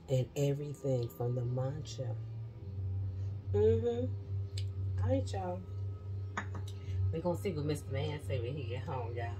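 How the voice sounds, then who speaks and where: A woman vlogger chatting casually with viewers while she bakes in her home kitchen, excitable and talking straight to them. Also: a bass voice, rough recording. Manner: chatty, keeps addressing viewers as y'all; excitable, exclaiming. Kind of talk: casual chat while baking.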